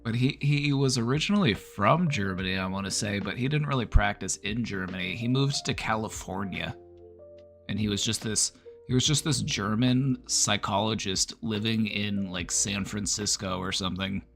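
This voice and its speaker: A middle-aged man with a low-pitched voice talks casually as a host. He rambles, thinks aloud and restarts sentences, and light music plays underneath. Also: normal speed, vocal fry, fairly bright tone. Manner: chatty, rambling, frequent restarts. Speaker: mental health video host. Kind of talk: casual commentary.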